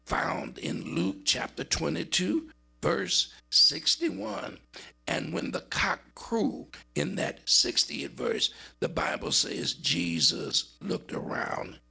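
A man preaching a dramatic sermon, swinging between high urgent cries and low murmured passages. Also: vocal fry, pushed and bright, breathy edge.

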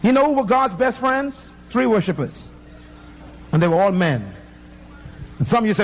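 A man with a strikingly high voice preaches a fiery sermon, swinging widely in pitch. He hammers his points with rhetorical questions. Faint noise sits beneath him. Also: big pitch swings, moderate pace, long pauses. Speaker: pastor.

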